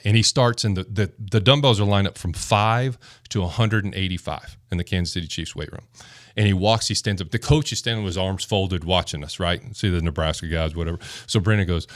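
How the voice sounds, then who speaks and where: A man's voice: fairly low pitch, brisk, dry recording, clean studio sound. A man, a former football lineman, telling stories as a guest in a casual podcast chat and acting out the quotes. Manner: animated storyteller, acts out quotes. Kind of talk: casual storytelling.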